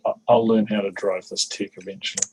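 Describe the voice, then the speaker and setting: A man's voice: lowish voice, flat delivery, brisk, poor audio. A man on a casual livestream, muttering to himself while he fiddles with his tech.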